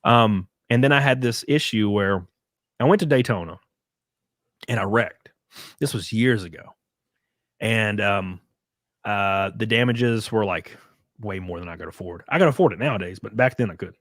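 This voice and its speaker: A man's voice: fairly low pitch, normal speed, pauses often, a bit bright, no echo, clean studio sound. A man telling rambling stories in casual chat, full of fillers and acted-out quotes. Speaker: guest on a live stream.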